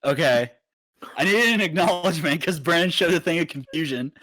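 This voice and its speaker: A young man co-hosting a podcast, telling a story in a casual, animated way and swearing freely. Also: fairly high pitch, brisk, dry recording. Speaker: podcast co-host.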